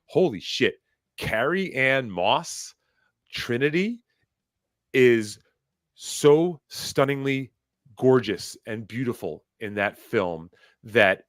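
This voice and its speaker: Lowish and a bit bright, this man's voice comes through a dry, studio-quality recording. As host of a casual chat, he rambles with emotion, swears openly, and leans heavily on fillers and restarts.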